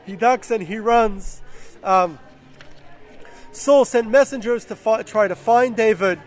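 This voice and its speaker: A man's voice: high-pitched, slow. A man casually retelling a Bible story, with fillers and self-corrections.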